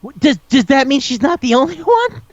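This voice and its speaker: A man co-hosting a podcast, ranting in disbelief with rapid questions and lots of swearing. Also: very high voice, big pitch swings, no echo, dull audio. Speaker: podcast co-host. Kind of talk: casual chat.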